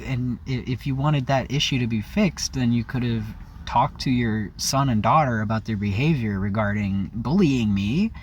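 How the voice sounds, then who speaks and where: A man's voice: mid-range voice, moderate pace, a little hiss or hum. A man vlogging a candid personal story, rambling and confessional, often circling back and correcting himself. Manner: rambling, frank and confessional, with self-corrections and frequent "like".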